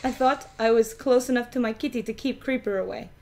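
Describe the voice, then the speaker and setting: A woman's voice: on the high side, fairly quick, creaky, a little mellow, slight background noise. A woman giving chatty video game commentary and coaxing her in-game pet as she plays. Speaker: let's play host.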